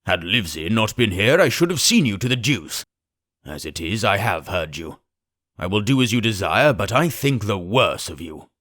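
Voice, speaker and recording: A man voicing a blustering, excitable squire. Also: fairly low pitch, moderate pace, no echo, clean studio sound. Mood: indignant.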